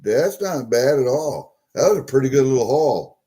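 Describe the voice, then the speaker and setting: A man's voice: mid-range voice, expressive, moderate pace, dark tone, slightly rough. A man casually showing and talking through coins from a package he just opened, chatty and easily delighted, muttering to himself. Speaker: coin collecting vlogger. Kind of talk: casual unboxing talk.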